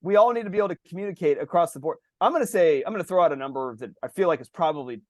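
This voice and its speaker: A man's voice: a little high, very fast, no room sound, clean studio sound. A man co-hosting a podcast in casual chat, rambling and telling stories with lots of "like" and acted-out quotes, swearing casually. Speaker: podcast co-host.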